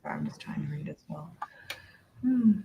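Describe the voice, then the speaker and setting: A woman, a parking enforcement officer guesting on a livestream, chatting in a giggly, apologetic way with quick asides. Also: sits low, animated, gravelly, highs cut off, a little hiss or hum. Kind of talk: casual livestream chat.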